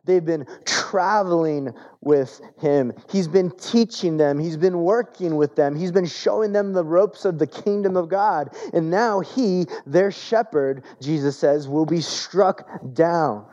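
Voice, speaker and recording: A man preaching a sermon in a relaxed, conversational way, often repeating words as he searches for the phrase. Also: fairly high pitch, takes it slowly, few pauses, muffled recording. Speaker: pastor.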